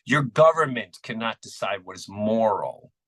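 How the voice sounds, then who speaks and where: A man who is a podcast guest, telling animated, emphatic stories and acting out what people said. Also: fairly low pitch, normal speed, no echo, low-quality recording. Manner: animated, acts out quotes, emphatic. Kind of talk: conversational storytelling.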